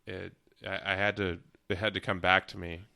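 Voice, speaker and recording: A man hosting a podcast, talking casually in a hesitant, halting way with many ums and uhs. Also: low voice, little pitch movement, gravelly, pushed and bright, clean tone. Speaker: podcast host. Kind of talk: casual chat.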